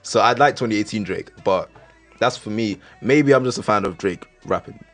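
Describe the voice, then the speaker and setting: A lower-pitched man talking in a laid-back, slangy way, looping back over his own phrases while he argues his view. Faint music plays behind him. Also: normal speed. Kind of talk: casual debate chat.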